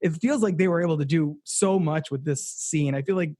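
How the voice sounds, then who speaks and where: Man, casual movie podcast, fairly high voice, dry close sound, animated, swears. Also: a little fast, dry recording. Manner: animated, swears, lots of restarts. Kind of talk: casual podcast chat about a film.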